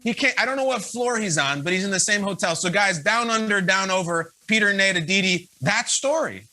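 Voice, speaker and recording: A man hosting from a quarantine hotel room, telling a story in an excitable, playful way. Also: high-pitched, fairly quick. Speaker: show host. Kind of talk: animated storytelling.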